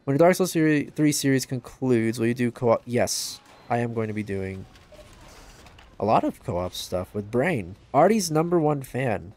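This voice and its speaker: A man casually commenting on a game livestream and reading chat aloud, joking at his own expense and yelping out loud during play. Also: normal speed, a little hiss or hum. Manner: excitable, bursts into high yelps during play; self-deprecating, joking. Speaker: gaming livestreamer.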